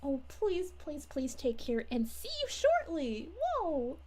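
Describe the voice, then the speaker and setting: A sweet, bubbly young princess, as a woman plays her on a character livestream, chatting in a high, gushing voice. Her sing-song lines swoop up and down all over, full of giggles. She sounds delighted with everyone. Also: sing-song, slow, a little mellow, exaggerated voice. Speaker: character streamer reading chat.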